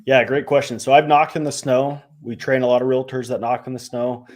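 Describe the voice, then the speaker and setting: A young man talking through tips on a casual live stream. He speaks in a loose, filler-heavy way and lets his voice drop at the ends of phrases. His voice sits at a middling pitch. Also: little pitch movement, fairly quick. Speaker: co-host, real estate trainer.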